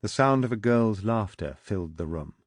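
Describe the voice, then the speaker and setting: A man narrating a political thriller audiobook in a measured, even storytelling manner. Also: fairly low pitch, husky, no room sound, studio quality. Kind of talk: scripted narration.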